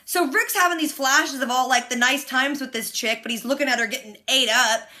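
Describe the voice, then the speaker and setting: A woman giving a casual, animated recap of a TV episode in slangy, excitable storytelling. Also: high-pitched, brisk. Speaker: TV reaction host.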